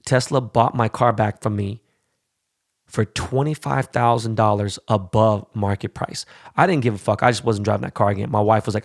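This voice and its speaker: A man hosting a podcast, ranting in a casual, heated and profane way with quick asides. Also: lowish voice, steady tone, gravelly, no room sound, clean studio sound. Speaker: podcast host.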